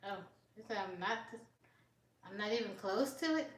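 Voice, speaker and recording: Halting woman, roomy and off-mic. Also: mid-range voice, a bit bright, far from the mic. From United States. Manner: halting and searching, with frequent restarts while reading comments. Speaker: live streamer chatting with viewers. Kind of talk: casual live-stream chat. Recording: roomy, voice set back from the mic.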